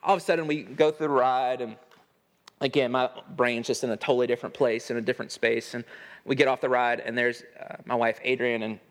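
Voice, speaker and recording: A man's voice: medium pitch, steady tone, a little fast. A man in his thirties giving an earnest sermon-style talk on parenting, telling a family story and acting out the dialogue.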